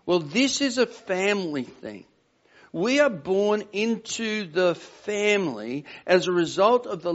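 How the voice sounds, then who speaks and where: Earnest older male preacher, lo-fi. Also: fairly high pitch. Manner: earnest, emphatic, asks the congregation questions. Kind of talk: sermon. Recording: dull lo-fi sound.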